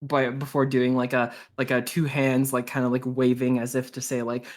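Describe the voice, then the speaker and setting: A woman playing a tabletop game, describing her character's actions haltingly with many fillers. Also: rumbling low, flat delivery. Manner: halting, many likes and uhs. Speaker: player. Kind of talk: casual tabletop play.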